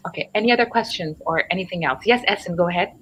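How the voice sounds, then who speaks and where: A woman's voice: lowish voice, rapid-fire, a bit bright, slight background noise, low-quality recording. A woman teacher hosting a live online English lesson, explaining in a chatty way and checking in with her listeners.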